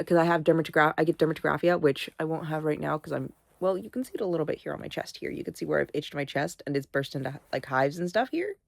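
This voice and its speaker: A woman's voice: deep voice, gravelly, dry recording. A sleepy, sniffly young woman vlogging in casual, rambling chat, swearing freely. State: sleepy, yawning; sniffly, congested.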